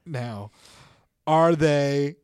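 A man's voice: on the high side, very slow, a little mellow, clear, resonant tone, no room sound. A man co-hosting a faith podcast in a studio, chatting casually and laughing often at his own jokes. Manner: laughs often, joking banter. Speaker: podcast co-host. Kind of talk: casual chat.

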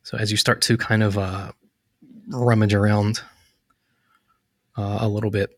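A man narrating as game master of a tabletop game, relaxed and full of fillers. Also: lowish voice, a little slow, no room sound, studio quality. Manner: relaxed, hesitant, lots of fillers.

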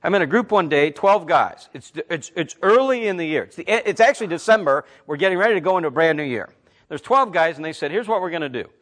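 A man in his fifties, a Christian talk host, telling stories and preaching in a blunt, emphatic, animated way. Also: on the high side, quick pace. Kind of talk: conversational preaching with storytelling.

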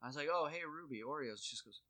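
Man, bright voice, animated storyteller, casual comedic chat, does voices. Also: fairly high pitch, racing. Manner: animated storyteller, acts out quotes.

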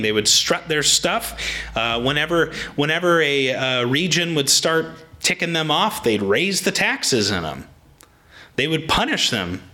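A man's voice: on the high side, bright, forceful tone. A man preaching a conversational sermon in a plain, casual way, often restarting his sentences.

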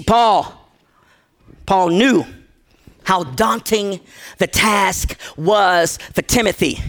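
Very high-pitched shouting male preacher. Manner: storytelling, with repeated phrases and shouted climaxes; acts out characters' quoted lines. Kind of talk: sermon.

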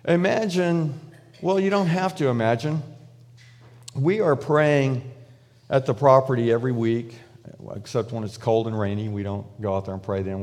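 A man's voice: mid-range voice, a little mellow, big-room sound. A man preaching a sermon in a loose, conversational way, with frequent restarts and fillers, acting out prayers in paraphrase. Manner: acts out prayers and God's replies in paraphrase. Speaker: pastor.

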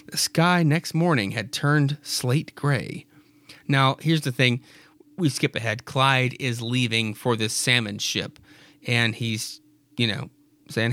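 A man hosting a podcast, retelling a horror comic with a raspy voice and wry, jokey asides. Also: mid-range voice, normal speed, fairly bright tone, no room sound. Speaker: podcast host.

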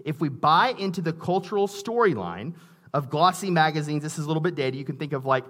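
A male pastor delivering a sermon in a relaxed, conversational tone, often circling back on his own words. His voice sits a little higher than most men's. When he reads scripture aloud, he leans into it with emphasis. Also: brisk. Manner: conversational preaching with frequent restarts and asides.

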